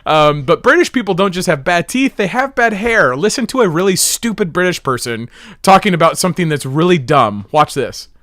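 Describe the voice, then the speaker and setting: A man's voice: high voice, animated, brisk, a bit bright, no room sound. Mocking, dry-voiced male stream host. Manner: mocking, laughing, rambling. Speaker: livestream host. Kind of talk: livestream commentary.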